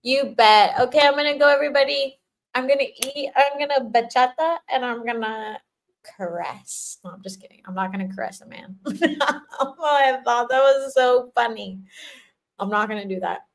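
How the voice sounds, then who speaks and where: An older woman signs off a casual livestream with a slightly high voice. She is playful and giggly, laughing often as she chats with her viewers as their spiritual teacher. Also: moderate pace, slight background noise.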